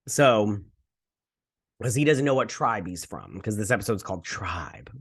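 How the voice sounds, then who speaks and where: A man's voice: on the low side, sing-song, slow, gravelly, breathy edge. A man hosting a video, casually recapping and reviewing an episode in a loose, rambling way full of fillers. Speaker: video host.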